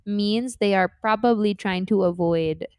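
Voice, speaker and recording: A young woman from Florida co-hosting a podcast. She tells stories in a lively, casual way and acts out her own past lines. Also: mid-range voice, unhurried, clear, resonant tone, dry recording, studio quality. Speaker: podcast co-host. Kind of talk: casual chat. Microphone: desk mic on a stand.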